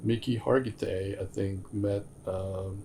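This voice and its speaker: A woman's voice: very deep voice, fairly even intonation, slow pace, dark tone, a little hiss or hum. A woman hosting a casual podcast chat, making dry, teasing remarks. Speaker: podcast host.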